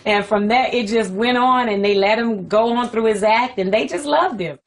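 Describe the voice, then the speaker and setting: A woman recalling a moment in a documentary interview, chatty and slightly high-voiced. Faint noise is heard behind her. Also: normal speed.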